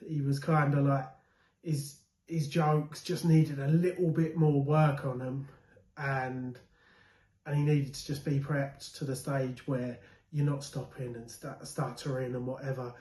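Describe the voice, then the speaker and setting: A man's voice: mid-range voice, little pitch movement, measured pace, a little mellow. A man judging a rap battle, talking through his verdict in a hesitant, rambling way. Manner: hesitant, rambling, many fillers and restarts. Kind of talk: judge's verdict to camera. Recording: echoey room.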